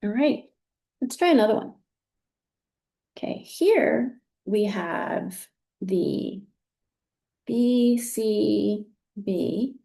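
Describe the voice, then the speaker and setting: A woman's voice: mid-range voice, lively intonation, very slow, vocal fry, long pauses, warm tone. A woman leading a recorded teacher training, walking through examples patiently and encouraging with frequent praise.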